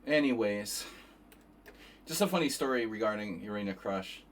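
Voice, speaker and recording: Rambling male chess streamer, low-pitched, tired and profane, loose casual talk. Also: animated, normal speed, slight background noise. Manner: rambling and profane, many restarts.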